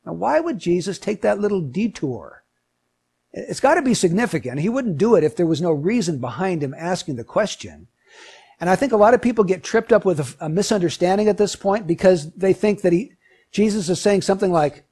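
A man preaching a sermon in an animated way, climbing to emphatic peaks and then dropping low. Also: fairly quick, slightly rough. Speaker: pastor.

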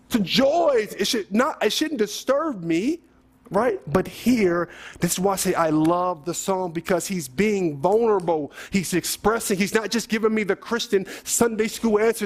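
A middle-aged man delivering a sermon as a pastor. His voice sits high for a man, and he preaches in a casual, conversational way. He leans on rhetorical questions and builds up to emphatic moments.

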